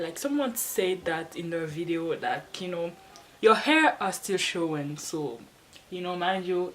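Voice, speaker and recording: A hair-care vlogger talks casually to the camera at home, sitting in front of a wall, rambling with lots of restarts and small laughs. Her voice is low and a little slow. The camera sits off to the side, and the low-quality recording carries a slight hiss or hum.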